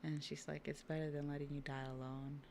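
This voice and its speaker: A woman with a low, gravelly voice chats casually while reading a comic on stream. She swears freely and gets emotional about the story. A faint hum of room noise sits behind her. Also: flat delivery, brisk, mellow. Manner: emotional, swearing, reads panels aloud in voices. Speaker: streamer reading manga live. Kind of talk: casual reaction chat.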